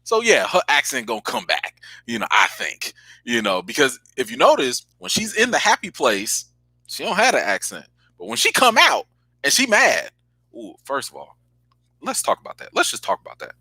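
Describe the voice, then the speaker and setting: A man hosts a live reaction chat and calls out to his viewers. His bright, forceful voice leaps around in pitch. The sound is dry and close. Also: moderate pace, breathy edge, no echo. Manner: animated, exclaiming, talks straight to viewers. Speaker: host.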